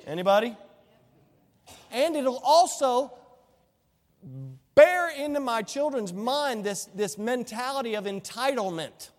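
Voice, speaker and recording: A man's voice: extremely high pitch, lively intonation, takes it slowly, long pauses, in a large hall. A male pastor preaching a sermon, quoting scripture and asking the congregation rhetorical questions.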